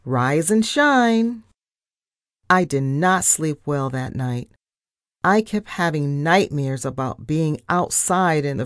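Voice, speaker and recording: A woman's voice: dry recording, clean studio sound. A woman reading a children's story aloud and voicing each character. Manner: voices characters with lively pitch jumps. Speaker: audiobook narrator.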